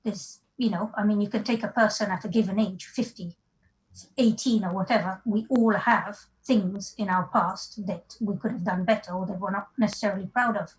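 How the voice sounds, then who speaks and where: A woman's voice: mid-range voice, steady tone, moderate pace, poor audio. Chatty woman with a slight French accent. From Africa and France. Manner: chatty, laughs often, many fillers. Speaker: guest. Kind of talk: casual interview chat.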